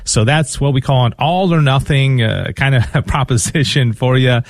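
Male radio fundraiser host, earnest and upbeat, dry close mic, mid-pitched. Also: normal speed, no echo. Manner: earnest and upbeat, with frequent fillers and restarts. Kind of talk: live Catholic radio fundraising talk.

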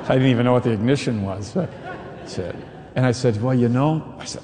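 A man's voice: mid-range voice, fast talker, dark tone, in a large hall. A man preaching a sermon who tells a personal story and acts out the voices in it.

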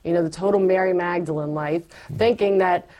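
A middle-aged woman tells her faith story in a candid, animated conversation, acting out her past self as she goes. Her voice is fairly low and fairly quick, and the audio sounds dull.

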